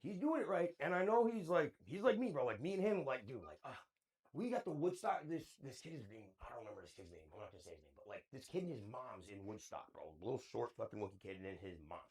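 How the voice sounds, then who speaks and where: A man's voice: medium pitch, sing-song, fast talker, darkish tone. A man in his thirties, co-hosting a podcast and telling a story in casual chat, full of slang and swearing. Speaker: podcast co-host.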